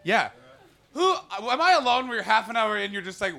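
A man works a comedy room with a high, ringing voice, chatting with the crowd between bits. He riffs loosely and jumps into loud, mocking impressions of the people in his stories. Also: big pitch swings, moderate pace, vocal fry. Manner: riffing, swinging into loud mocking voices for characters. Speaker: stand-up comedian. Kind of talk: improvised stand-up set with crowd work. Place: comedy club stage before a live audience.

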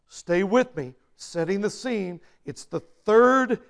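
A man preaching a sermon in a high, gravelly voice. He speaks slowly and leaves room between phrases. His delivery is emphatic and now and then builds to an intense burst. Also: expressive, a bit bright. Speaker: pastor.

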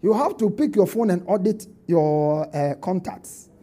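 A male pastor delivers an emphatic sermon in church, calling on the congregation to answer back. His voice sits high for a man, yet it sounds warm and mellow rather than sharp. He comes across as middle-aged and well used to preaching. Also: animated, unhurried. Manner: emphatic, call-and-response with congregation.

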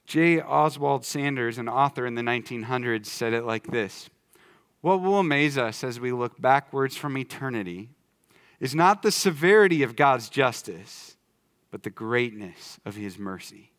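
A male pastor giving a sermon in a church, talking in a conversational way that swings from quiet, low emphasis to loud excitement. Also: normal speed. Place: church sanctuary.

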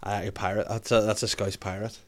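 A man's voice: lowish voice, little pitch movement, brisk. A man hosting a podcast, teasing his guest and laughing often in casual chat. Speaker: podcast host.

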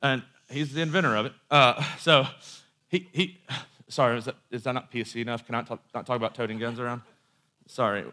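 A man's voice: mid-range voice, steady tone, a little fast, bright, forceful tone. A man preaching a sermon in a conversational storytelling way, with asides and quoted voices.

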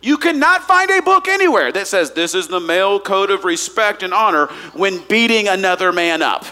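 A man preaching a sermon to a congregation as pastor, animated and swinging between hushed asides and loud emphasis. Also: high-pitched, normal speed. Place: church hall before a congregation.

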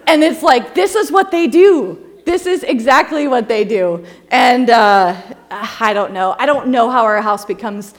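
Chatty, laughing woman telling stories. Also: sits high. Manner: chatty storytelling, laughs often, acts out quotes. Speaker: speaker presenting slides to a group. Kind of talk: casual humorous talk with slides.

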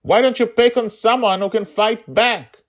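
A man voicing a brave, stubborn five-year-old girl who yells shrilly. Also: steady tone, normal speed. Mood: defiant yelling. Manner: shrill yelling.

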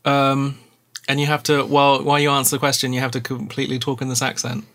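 A woman co-hosting a podcast in casual chat, animated and giggly. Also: very deep voice. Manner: animated, giggly, quick asides. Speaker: podcast co-host.

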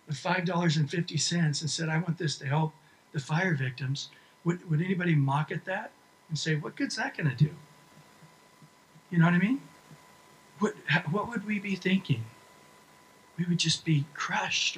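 A man's voice: high-pitched, fairly bright tone, slight background noise, rough recording. A man preaching a sermon to his church, earnest, often repeating and restarting his words. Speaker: pastor.

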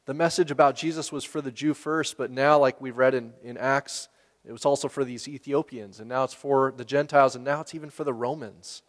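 A man's voice: medium pitch, fairly even intonation, fairly quick. Casual preaching man in a reverberant hall. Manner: conversational, with laughs and rhetorical questions. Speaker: pastor. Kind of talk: sermon.

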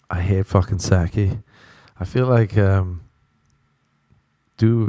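A man's voice: fairly low pitch, mellow, no echo, studio quality. A young Irish man hosting a podcast, rambling through a profane, self-mocking comic monologue. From Ireland. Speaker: podcast host. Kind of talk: casual comedic monologue.

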